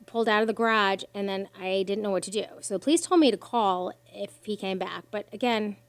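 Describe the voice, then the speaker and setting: With a mid-range voice and a fairly quick delivery, a podcast guest relays a personal story full of strong feeling. She's animated, swears without holding back and performs other people's voices, with no room sound on the recording.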